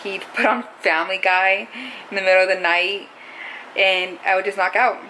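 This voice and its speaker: A woman's voice: medium pitch, flat delivery, moderate pace, pushed and bright, poor audio. Young woman, casual confessional vlog, rambling, lots of "like", faint background noise. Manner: rambling, heavy use of "like". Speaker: vlogger. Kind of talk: casual confessional talk to camera.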